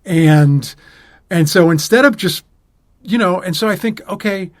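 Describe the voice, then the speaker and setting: In a relaxed podcast chat, a male co-host with a somewhat high voice recounts something personal, stopping and starting again many times. The audio is close and dry, free of any room sound.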